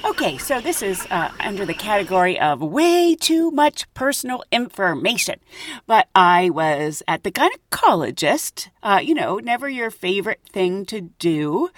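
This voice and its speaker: Female podcast host, self-mocking storyteller, very animated pitch, dry closet recording. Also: dry recording. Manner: chatty, giggly, self-mocking. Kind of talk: casual storytelling monologue. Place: closet at home.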